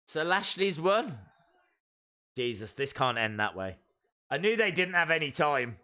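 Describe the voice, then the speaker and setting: On a live watch-along he hosts, a man gets excited at each development and narrates every move. The voice is high, bright, and sharp, and his pace is a little slow.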